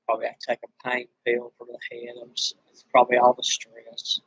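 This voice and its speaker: A man vents to his camera in a weary, bitter ramble, his throat dry from screaming. His delivery is flat and monotone, stumbling through restarts. The recording is dry and close, with no room sound. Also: mid-range voice, brisk, husky, no echo, poor audio. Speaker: vlogger. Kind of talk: venting straight to camera.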